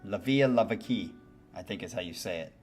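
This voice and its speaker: A man's voice: low voice, lively intonation, fairly quick, a little mellow. A man hosting a music reaction channel, giving candid, musing commentary and swearing casually.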